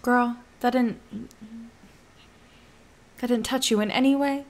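A woman casually commenting on her own game playthrough, chatty, profane, and quick to mock the characters. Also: a little high, fairly even intonation. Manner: chatty, swearing, laughing, voices characters mockingly. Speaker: let's play gamer.

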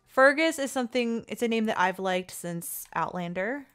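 A woman casually commentating her own gameplay, chatty and excitable, pleading with the dice and cooing at the characters. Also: fairly high pitch, moderate pace, few pauses, smooth, soft background music. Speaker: gaming channel host. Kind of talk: casual let's-play commentary.

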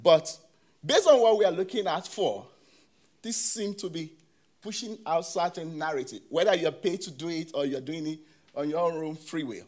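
Here a man with a somewhat high voice and a darkish tone delivers conference research. His speech halts and restarts, full of "you know," and he turns questions toward his listeners.

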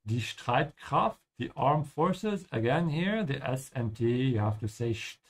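A man hosting a live-streamed lesson, explaining German pronunciation slowly and switching between English and German. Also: medium pitch, lively intonation. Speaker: language teacher and stream host.

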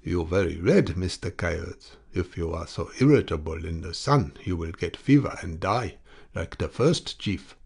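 A man's voice: low voice, gravelly, slightly rough, heavily acted. Man doing an impassive clerk in broken English. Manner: broken English, unhurried and even. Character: calm, impassive male station clerk. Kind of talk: audiobook character voice.

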